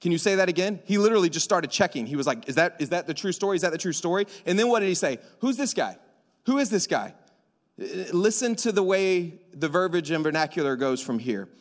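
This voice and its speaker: Animated high-voiced male preacher. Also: quick pace. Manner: animated, joking, acts out dialogue in slang. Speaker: pastor. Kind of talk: sermon. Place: church hall with congregation. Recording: long hall reverb.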